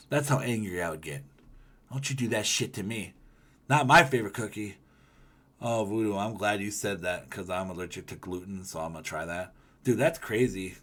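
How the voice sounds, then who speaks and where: A man streaming live, chatting casually with his viewers and reading their comments, rambling and swearing, with loud ranting bursts. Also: medium pitch, expressive, brisk. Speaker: livestreamer.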